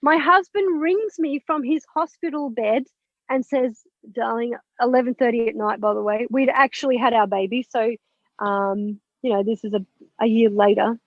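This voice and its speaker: Woman, high voice, animated storyteller, candid, dry close sound. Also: normal speed, no room sound, phone-quality sound. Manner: animated, candid, swears and laughs while recounting. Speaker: podcast guest, spiritual mentor. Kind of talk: personal storytelling in an interview.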